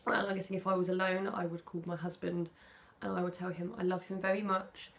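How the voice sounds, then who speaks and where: The clip features a young British woman vlogging casually, reading personal questions and responding with candor. Her voice sits on the low side with little pitch movement, fairly quick and gravelly, and there's a little hiss or hum. She's chatty, turning soft-spoken when emotional.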